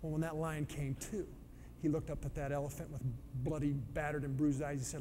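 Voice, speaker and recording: A man's voice: fairly high pitch, flat delivery, a little fast, dark tone. A man giving a motivational talk on leadership, telling a fable with punchy, emphatic storytelling. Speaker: speaker on leadership. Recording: long hall reverb, faint background noise.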